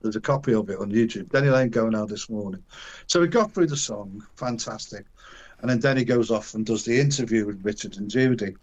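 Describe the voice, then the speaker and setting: A man's voice: on the low side, fairly quick, lo-fi sound. An older man, a guest in an interview, telling a long casual anecdote in colloquial slang, acting out the voices of the people he quotes and restarting his sentences often. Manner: animated, acts out quoted voices, frequent restarts and chuckles.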